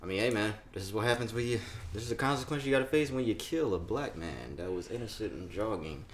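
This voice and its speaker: A young man co-hosting a casual podcast, reacting to news stories loudly, swearing and laughing often. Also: fairly low pitch, expressive, quick pace, slight background noise. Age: young adult. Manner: loud, profane, laughs often. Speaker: podcast co-host.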